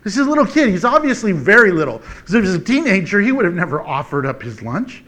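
Speaking fast, a high-voiced preacher delivers a folksy, conversational sermon with plenty of animation. He frequently chuckles between his points.

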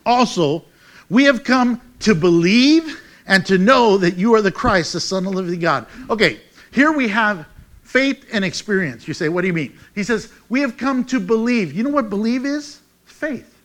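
A man with a high, light voice preaching a sermon. He moves from ringing, raised declarations to quiet, intimate asides, reading scripture and pressing questions on his listeners. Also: animated, normal speed. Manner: preaching with wide swings from loud to hushed. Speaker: pastor.

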